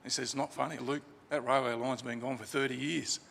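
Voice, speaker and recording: There's a creaky, slightly bright quality to this man's mid-range voice, which moves a little fast with fairly even intonation. Giving a eulogy in a crematorium chapel, he tells an informal, chatty story about a friend, pausing on fillers and restarting. The chapel echoes, with faint ambience and slight background noise.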